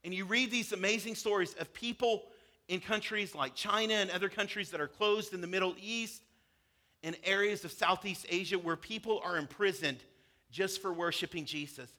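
A man preaching a sermon as a pastor, telling a parable with animated voices for its characters. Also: high-pitched, normal speed.

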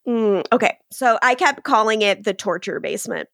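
A woman's voice: fairly high pitch, animated, normal speed, gravelly, fairly bright tone, dry recording, studio quality. A woman co-hosting a podcast, chatting casually and laughing as she recaps episode scenes and acts out the characters' lines.

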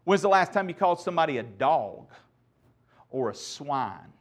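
A man pastor preaching a sermon, animated, with sarcastic asides and swings from loud to soft. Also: mid-range voice, moderate pace.

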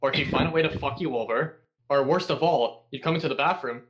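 A man's voice: mid-range voice, quick pace. Profane, sarcastic young man. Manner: sarcastic, swears constantly, animated impressions. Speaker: podcast guest. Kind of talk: casual profane storytelling.

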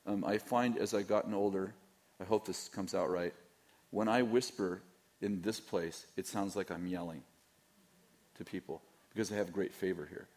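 Talking at normal speed in a low, steady, darkish voice, a middle-aged pastor holds a candid Q&A with his church audience, wandering off-topic, teasing, and frequently starting over.

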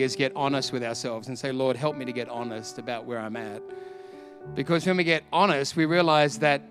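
A man preaching a sermon, telling a story with animated acted-out voices and frequent laughter. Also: on the high side. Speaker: pastor.

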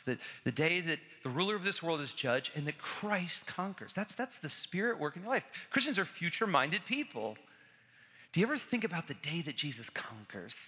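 A man preaching with a lively, swooping delivery and a bright, forceful edge to his voice. He hammers home phrases by repeating them and acts out the people in his story. His voice rings through a large church with a long reverb tail. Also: fairly high pitch, a little fast, husky. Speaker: pastor. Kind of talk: sermon.

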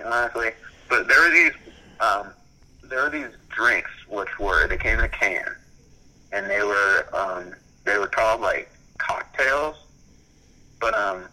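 A man's voice: fairly low pitch, a little slow, sharp tone, poor audio. A young man in casual chat, rambling through stories with lots of "like" and frequent laughs. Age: young adult.

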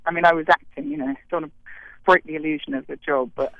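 A woman's voice: low voice, steady tone, fast talker, fairly bright tone, no echo. A woman actress, chatting in an interview about her show, self-deprecating and rambling with restarts, talking from a street. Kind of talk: casual interview chat. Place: outdoors on a street. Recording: tinny phone line.

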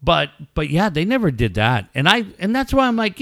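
Animated, bright-voiced man telling stories. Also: on the high side, fairly quick, dry recording, clean studio sound. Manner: excitable storyteller, mimics yelling, swears freely. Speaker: radio co-host. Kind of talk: casual sports radio banter.

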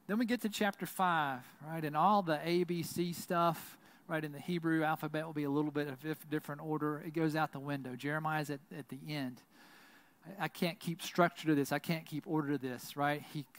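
A man with a Southern American accent preaching a sermon as a pastor. He swings between loud, intense passages and quiet, hushed ones, and keeps asking "right?". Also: a little high. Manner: says "right?" very often.

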